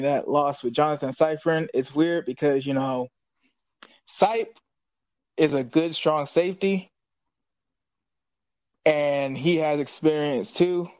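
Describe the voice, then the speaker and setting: A man co-hosting a sports podcast, talking in a thoughtful, unhurried way with many fillers. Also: medium pitch, a little mellow, no room sound, rough recording. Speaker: podcast co-host.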